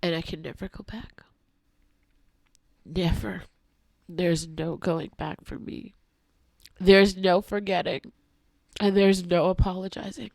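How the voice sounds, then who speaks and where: A woman vlogger in an angry confessional rant, heavy with swearing, swinging between hushed whispers and shouting. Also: lowish voice, little pitch movement, takes it slowly, gravelly, long pauses, no room sound.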